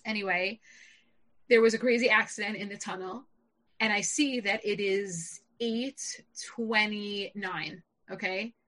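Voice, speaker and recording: A woman in her thirties, a public speaker, telling a personal story in an animated way and jumping up in pitch when she quotes herself. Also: measured pace, low-quality recording. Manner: animated, jumps high when quoting herself.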